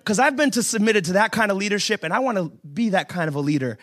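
Speaking with a high, expressive voice at a quick pace, a male pastor delivers a funny, conversational sermon at a church service, joking with the congregation and building up to emphatic shouts.

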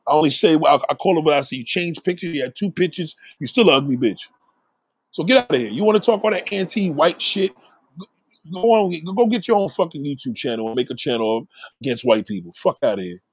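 A man hosting a livestream, ranting profanely and repetitively at a viewer in chat and giving shout-outs to supporters. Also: a little high, lively intonation, quick pace, slightly rough, no echo. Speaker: livestream host reading chat. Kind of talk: casual livestream rant.

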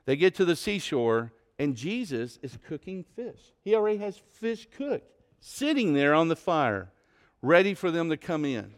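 A man preaching a sermon, telling a story with big swings from loud to hushed. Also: on the high side, sing-song, unhurried. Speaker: pastor.

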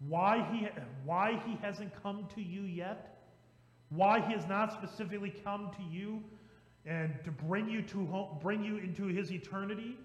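A man preaching a sermon as pastor, reading hymn verses slowly and emphatically between casual asides. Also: a little high, reverberant, in a large hall, slight background noise, rough recording. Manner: conversational asides with restarts.

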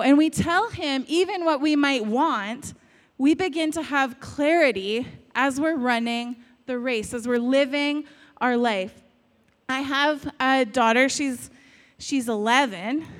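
Woman, high-pitched, casual storytelling preacher; room with a long reverb tail. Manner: casual, storytelling, many rhetorical questions. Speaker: speaker giving a talk on faith. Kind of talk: conversational sermon.

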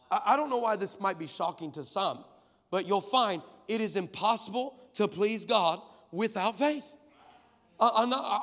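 A man preaching an energetic sermon, telling a story and building to shouted peaks. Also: high voice. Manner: builds to shouted crescendos, acts out voices in stories. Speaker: guest preacher. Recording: long hall reverb.

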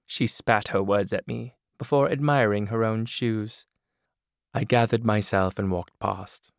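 A man narrating a novel in a measured first-person reading. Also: lowish voice, fairly even intonation, vocal fry, no echo. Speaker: audiobook narrator. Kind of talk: scripted narration. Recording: dry studio booth.

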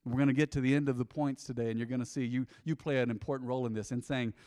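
A man's voice: mid-range voice, fairly even intonation, racing, dark tone, no echo, clean studio sound. A man preaching a sermon to his congregation in a conversational, playful way with asides. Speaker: pastor. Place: church before a congregation.

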